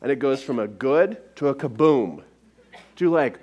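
Animated, lively male seminar speaker. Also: mid-range voice, a little slow, background noise. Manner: animated, acts out the dialogue in his stories. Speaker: motivational speaker. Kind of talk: personal story in a live seminar. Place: speaking to a live audience.

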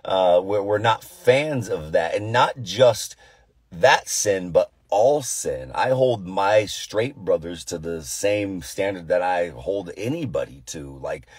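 Deep, husky-voiced man praying. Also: expressive, slow, dry recording. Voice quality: deep, tired voice. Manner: earnest, conversational, with frequent fillers and restarts. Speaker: pastor. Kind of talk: prayer and casual devotional talk.

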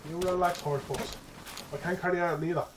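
A young man giving casual let's-play commentary, excitable and profane, chattering to his in-game pet as he plays. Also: sits high, fairly quick, noisy background. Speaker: gaming streamer.

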